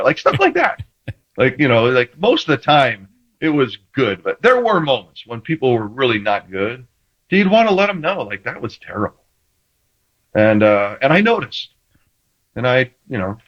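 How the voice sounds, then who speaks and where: Animated man telling football stories. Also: mid-range voice, dull audio. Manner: animated storyteller, acts out quoted banter, many restarts. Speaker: former quarterback guest. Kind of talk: casual sports talk.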